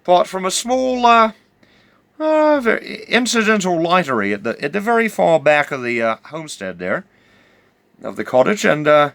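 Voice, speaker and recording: A man's voice: high-pitched, sing-song, moderate pace, creaky, fairly bright tone, no echo. A middle-aged man telling a rambling comic yarn, stammering and full of hesitations. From New Zealand. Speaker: storyteller.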